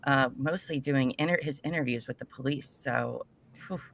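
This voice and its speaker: Low, bright-toned woman chatting. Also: vocal fry, a little hiss or hum. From US Midwest. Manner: chatty, playful, quick teasing banter. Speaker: podcast co-host. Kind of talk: casual podcast chat.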